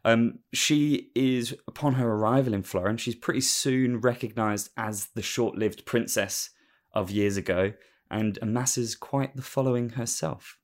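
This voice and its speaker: A man's voice: mid-range voice, a little slow. A man casually recapping a story as host, rambling with lots of fillers and laughing at himself. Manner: rambling, with many fillers and restarts, and amused.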